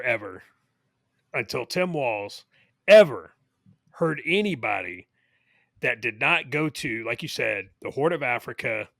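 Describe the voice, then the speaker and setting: A man's voice: mid-range voice, gravelly, bright, forceful tone, no room sound. A man co-hosting a casual podcast, talking in an emphatic, indignant way. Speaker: podcast co-host. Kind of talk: casual chat.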